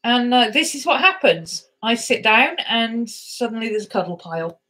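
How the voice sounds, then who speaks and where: A woman's voice: fairly high pitch, animated, moderate pace, bright, forceful tone. A woman chatting casually on a home vlog, fondly telling a story about her rescue dogs. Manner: chatty, fond, talks baby-talk to her dogs. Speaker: vlogger. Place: home, indoors.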